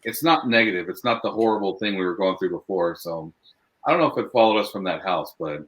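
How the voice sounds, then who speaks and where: A man's voice: low-pitched, quick pace, a bit bright, poor audio. A man, a guest paranormal investigator, talking in a plain, matter-of-fact way over a video call. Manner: plain, matter-of-fact, backs up his partner. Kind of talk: casual chat.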